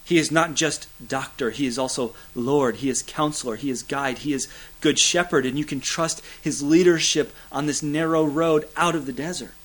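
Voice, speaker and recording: A man preaching a sermon, building to loud emphatic peaks, then dropping to hushed, low lines, with a repetitive preaching cadence and occasional fillers. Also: normal speed, few pauses, poor audio. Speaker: pastor.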